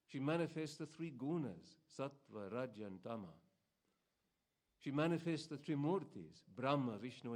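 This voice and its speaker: A man giving a slow, measured, solemn devotional recitation of scripture at a spiritual gathering. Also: medium pitch, darkish tone. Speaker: reader at a devotional program.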